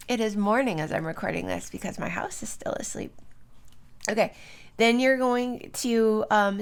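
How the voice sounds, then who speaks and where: Chatty woman with a gravelly voice. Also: mid-range voice. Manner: chatty, loose, with many fillers and tag questions. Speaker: podcast host. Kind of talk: solo podcast talk on herbs. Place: home, early morning.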